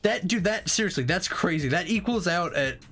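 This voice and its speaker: A young man hosting a live game stream, chatting casually, excitable and swearing freely with rambling restarts. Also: high voice, moderate pace, noisy background.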